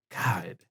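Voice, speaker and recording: A man co-hosting a comedy podcast, bantering casually, joking and swearing, often trailing off with fillers. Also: pushed and bright. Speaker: podcast co-host.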